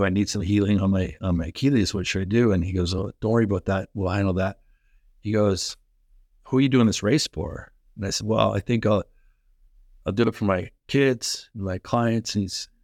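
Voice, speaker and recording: A middle-aged man from Canada, a former pro hockey player, telling energetic, fast-flowing stories in a podcast interview. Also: fairly low pitch, no echo, clean studio sound. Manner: energetic, fast-flowing anecdotes with quoted dialogue. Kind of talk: animated storytelling in a podcast interview.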